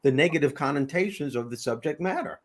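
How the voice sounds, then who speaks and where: A middle-aged man with a New York accent hosts a casual panel chat. His voice is husky and sits fairly high. He tells stories in animated bursts and often restarts his sentences. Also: quick pace. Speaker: host.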